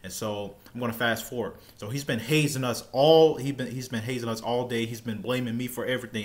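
A man telling a personal story in an easygoing vlog style. His voice sits at an ordinary middle pitch. He rambles, restarts phrases and repeats words as he talks. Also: steady tone, fairly quick, few pauses. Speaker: storytelling vlogger. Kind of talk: casual first-person storytime.

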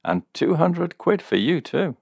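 A man's voice: a little high, a little slow, creaky, breathy edge, no room sound, clean studio sound, voice pushed up, exaggerated voice. A man reading a story, voicing a smug, scornful young skeptic. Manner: steady, scornful, teasing.

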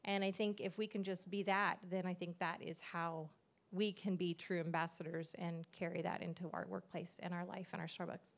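A woman's voice: fairly low pitch, flat delivery, moderate pace, creaky. A middle-aged woman, a pastor's wife, giving an earnest, conversational testimony at church and acting out the dialogue she quotes.

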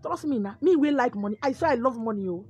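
A woman with a Nigerian accent telling a comic first-person story, dramatic and lively. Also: on the high side, quick pace, breathy edge, dull audio. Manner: dramatic, lively, code-switching.

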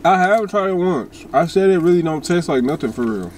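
Laid-back young man with swooping pitch. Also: expressive, fairly quick, a little mellow, a little hiss or hum. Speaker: co-host of a couple's vlog. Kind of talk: casual mukbang chat.

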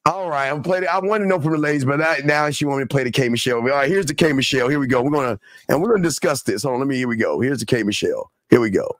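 A man hosting a casual talk show, animated and preachy, often repeating himself. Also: mid-range voice, rapid-fire, few pauses, no echo, clean studio sound. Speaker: podcast host.

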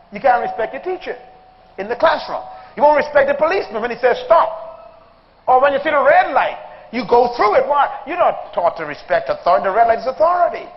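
A male pastor preaching a humorous sermon before a congregation, telling childhood stories, acting out voices and calling on the audience. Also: very high-pitched. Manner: animated storytelling, acting out voices, calls to the congregation. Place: church hall before a live congregation. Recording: dull sound in a reverberant hall.

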